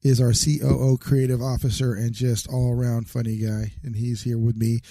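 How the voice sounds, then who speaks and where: Male show host, rambling and jokey, gravelly mellow tone, dry close recording. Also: medium pitch, little pitch movement, moderate pace, no echo. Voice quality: chatty, rambling, laughs often. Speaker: podcast host. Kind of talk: casual interview chat.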